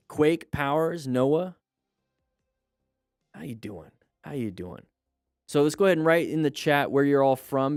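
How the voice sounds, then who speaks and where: A man's voice: medium pitch, a little mellow, smooth, no room sound, clean studio sound. A man hosting a casual livestream as a riding instructor, upbeat and chatty, greeting viewers by name and reading out comments.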